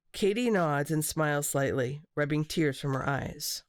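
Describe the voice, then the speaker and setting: A woman with a lowish voice reads a picture book aloud for a classroom, clear and expressive. The recording is dry and close, with no room sound. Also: measured pace, few pauses, no room sound. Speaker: children's book author.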